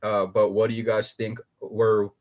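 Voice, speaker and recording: A man's voice: fairly low pitch, little pitch movement, measured pace, dull audio. A man co-hosting a casual chat who jokes, acts out little scenarios and reads questions with many fillers. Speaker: co-host.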